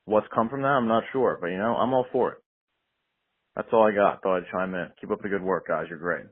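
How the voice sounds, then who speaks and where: A man's voice: fairly low pitch, fairly quick, slightly rough. A man leaving a laid-back, friendly voicemail for a podcast as a caller. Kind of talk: voicemail message. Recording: tinny phone voicemail.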